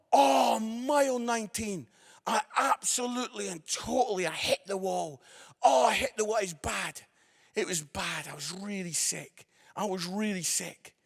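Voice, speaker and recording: A high-pitched man in his forties with vocal fry, an evangelist and comedian, delivers a gospel message at a live event venue. His animated comic storytelling turns earnest and gentle.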